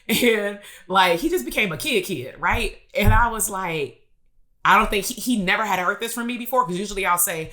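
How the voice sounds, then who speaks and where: A woman speaking gives a motivational live-stream talk as a business coach. Her voice is bright and forceful. She tells a blunt, streetwise story and drives her points home with rhetorical questions. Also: mid-range voice, expressive, moderate pace.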